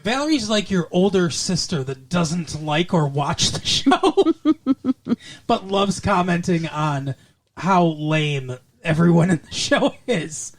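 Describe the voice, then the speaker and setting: A podcast co-host in a casual recap chat, sarcastic and joking, with a voice that swoops up and down a lot. The pitch sits in the middle. The recording is close and intimate. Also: very animated, slow pace, slight background noise. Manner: sarcastic, jokey, does silly voices.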